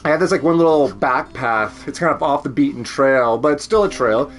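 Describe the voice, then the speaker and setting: A Canadian-accented man talks in a brisk, mid-range voice during a casual home stream. He rambles, cracks up often and swears without restraint.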